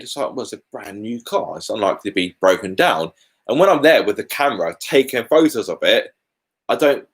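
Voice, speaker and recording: Animated British man chatting live. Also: medium pitch. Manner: chatty, candid and animated, with colourful asides. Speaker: car YouTuber hosting a live Q&A. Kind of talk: casual live Q&A chat. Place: at home.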